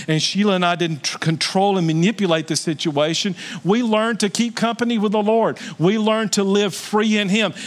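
A middle-aged man preaching a sermon as pastor, earnest, slowing to soft stresses and rising into loud, high exclamations.

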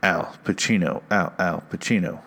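A man with a fairly low voice hosts a comedy podcast, rambling and sarcastic, often poking fun at himself. He talks close into a studio mic. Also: moderate pace, gravelly, a bit bright. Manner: rambling, sarcastic, self-mocking. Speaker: podcast host. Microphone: studio mic with headphones.

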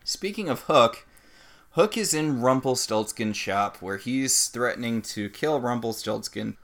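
A man co-hosts a casual recap podcast. His voice sits in a middle pitch, and he makes dry, wry remarks. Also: lively intonation, measured pace, fairly bright tone. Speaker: podcast co-host.

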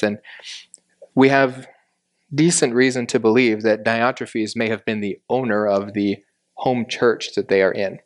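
A man with a lowish voice leads a Bible lesson, explaining each verse step by step. His delivery is measured and deliberate, and he slows down on the words he wants to stress. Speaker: Bible teacher.

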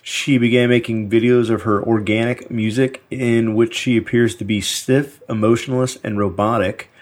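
A man's voice: mid-range voice, steady tone, normal speed. A man co-hosting a podcast, reading a news story aloud in a casual chat with many fillers and dry asides. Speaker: podcast co-host.

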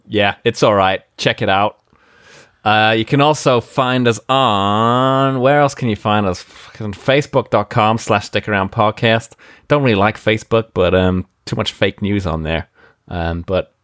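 A man putting on an impression of a crude, boastful older politician, rambling slowly and swearing while reading out plugs. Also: lowish voice, fairly bright tone, dry recording, clean studio sound. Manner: slow, rambling, swearing, self-interrupting.

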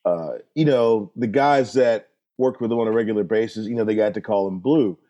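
A middle-aged man speaks in a low register, his voice dark and mellow. He is a drummer and guest in an interview, laid-back and folksy, and he drifts into easy anecdotes. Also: a little fast, muffled recording. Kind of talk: relaxed storytelling interview.

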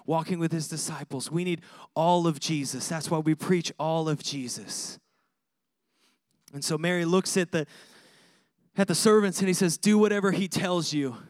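A male pastor preaching a sermon in an animated, conversational way, with laughter and punchy repeated lists. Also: high voice, no echo, studio quality.

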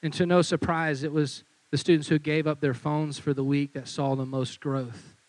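A young man who is a youth pastor, preaching with lively storytelling and acting out quotes. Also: fairly high pitch, normal speed, no echo, poor audio. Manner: animated storyteller, acts out quotes. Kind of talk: sermon with storytelling.

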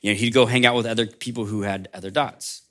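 A man preaching a sermon as a pastor, in a conversational storytelling way that drops soft for emphasis. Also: fairly low pitch, fairly even intonation, fast.

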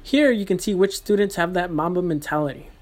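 A man, a running coach, reads an earnest recap of a team race in a steady voice. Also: high voice, fairly quick. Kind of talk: scripted narration.

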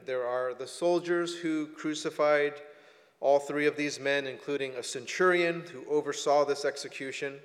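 Male pastor, sermon delivery, reflective with emphatic scripture quotes, hall reverb. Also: mid-range voice.

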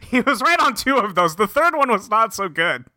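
A man's voice: high voice, big pitch swings, moderate pace, pushed and bright, dry recording, clean studio sound. A man co-hosting a podcast, recapping an episode in laid-back, chatty talk and laughing easily. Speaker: podcast co-host recapping a show. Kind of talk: casual chat.

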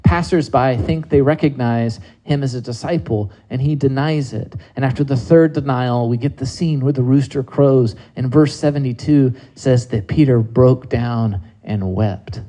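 A man's voice: medium pitch, normal speed, hardly any pauses, dark tone, rough recording. A man preaching a sermon in a conversational way, with many rhetorical questions to his listeners.

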